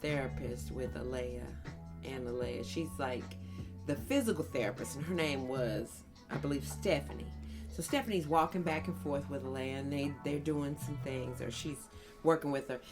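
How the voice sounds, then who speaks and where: A woman's voice: normal speed, over music. A woman casually telling funny stories about her young children on a podcast, acting out their lines. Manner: animated storyteller who mimics her children in a high voice. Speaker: podcast co-host, sister. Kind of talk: casual family storytelling.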